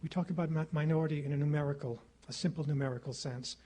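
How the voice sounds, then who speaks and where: A formal public lecture comes from a middle-aged man, a guest lecturer at a lecture hall podium microphone. His speech is measured and rhetorical, with repeated phrases for impact; the voice is fairly high, steady, and dark in tone.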